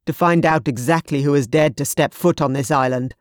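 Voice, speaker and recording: A storybook narrator voicing a fierce, protective young husband who speaks firmly and grimly. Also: male voice, on the high side, a little fast, no echo, studio quality, natural voice. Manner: firm, grim, commanding.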